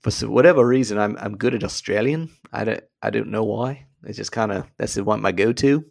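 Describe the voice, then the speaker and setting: A man's voice: on the low side, fairly quick, vocal fry, a little mellow. A man co-hosting a casual podcast, laid-back and self-deprecating in his banter. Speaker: podcast co-host.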